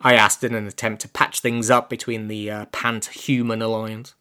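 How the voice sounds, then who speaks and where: A man narrating a comic story in a dry, quiet, deadpan manner. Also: on the low side, moderate pace, hardly any pauses, clear, resonant tone.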